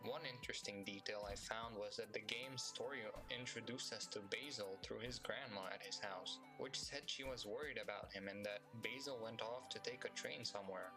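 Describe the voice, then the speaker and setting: A woman giving scripted, even-toned narration for a video about a game. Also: a bass voice, moderate pace, hardly any pauses. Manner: even, informative delivery. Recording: narration over loud game music.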